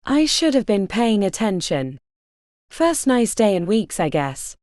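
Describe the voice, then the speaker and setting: A woman gives voice to a young male mage with a casual, friendly, persuasive manner, read in an audiobook. The delivery moves around a lot in pitch. The sound is dry and close. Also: very animated, measured pace, a little mellow, no room sound.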